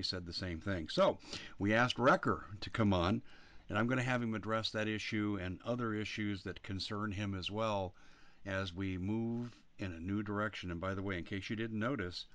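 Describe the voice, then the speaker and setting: A man's voice: low-pitched, a bit bright. A man hosting a talk show, rambling, blunt and emphatic in casual political chat.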